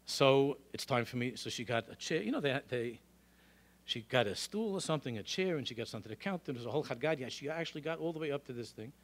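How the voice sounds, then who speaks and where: A middle-aged male rabbi lecturing a congregation in a synagogue, telling animated stories and throwing out rhetorical questions. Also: mid-range voice, fast. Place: synagogue hall.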